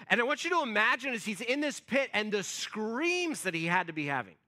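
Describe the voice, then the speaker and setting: Bright-voiced man preaching conversationally. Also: high voice, very animated, a little fast. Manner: conversational storytelling, acts out quotes, frequent fillers. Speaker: pastor. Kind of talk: sermon. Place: church.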